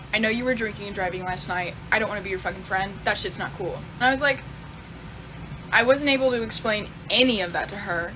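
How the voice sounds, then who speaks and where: Over a noisy background, a young woman with a medium-pitched voice casually tells a confessional story in a clip. She rambles, swears constantly, and leans on fillers like "type beat."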